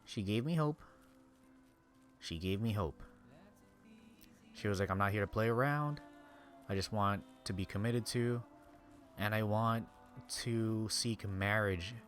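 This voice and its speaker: A man's voice: on the low side, measured pace, pauses often, fairly bright tone, soft background music. A man live-streaming a game, venting angrily with heavy swearing and sometimes dropping to a tired whisper.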